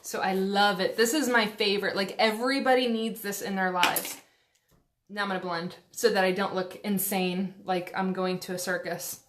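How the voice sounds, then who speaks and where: Filming on a phone camera at home, a talkative woman runs a casual live-stream makeup tutorial peppered with fillers, small asides and jokes at her own expense. She speaks at a normal speed in a steady, mid-pitched voice.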